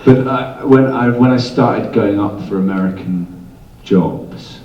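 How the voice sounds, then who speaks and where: A man's voice: lowish voice, unhurried, far from the mic, muffled recording, background noise. Rambling man in an echoey hall. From England. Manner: rambling, self-correcting, laughing. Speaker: panel guest actor. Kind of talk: casual convention panel chat. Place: large convention hall.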